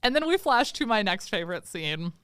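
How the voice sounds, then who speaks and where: Woman podcaster, smooth and animated. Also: mid-range voice, a little fast, no room sound, clean studio sound. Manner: animated storytelling, acting out characters' lines. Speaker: podcast co-host. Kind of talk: casual chat, movie recap.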